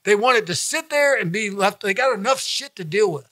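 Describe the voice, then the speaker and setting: High, bright-voiced swearing comedian. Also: male voice, animated, fairly quick, no echo. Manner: profane, blunt and emphatic, heavy swearing; repeats himself for emphasis, laughs mid-sentence. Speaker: stand-up comedian guest. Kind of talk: casual podcast conversation.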